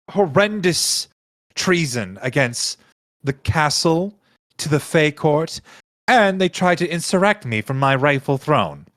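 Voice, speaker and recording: A man's voice: fairly high pitch, a bit bright, no echo, voice pushed up. A man voicing a haughty, scheming fey queen who accuses in a pompous, theatrical way.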